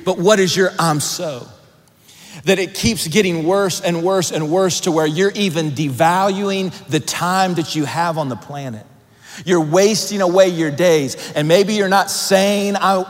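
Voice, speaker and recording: A male preacher delivers a sermon at a slow, deliberate pace with a fairly high voice. He swings from loud, emphatic stretches to hushed, low passages. His voice rings with the long reverb of a large hall. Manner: emphatic, dramatic shifts between loud and hushed. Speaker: pastor.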